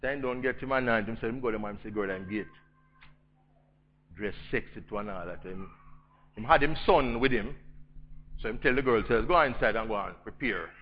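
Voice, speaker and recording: A man with a Jamaican accent preaching a storytelling sermon, swinging between loud emphasis and hushed intensity. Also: lowish voice, moderate pace, long pauses, muffled recording, slight background noise.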